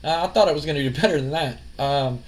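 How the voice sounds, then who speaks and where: A young man recapping a wrestling simulation in loose, rambling commentary. He swears freely and retells each move with an animated, slightly high-pitched voice. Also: quick pace. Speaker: let's-play narrator. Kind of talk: casual game commentary.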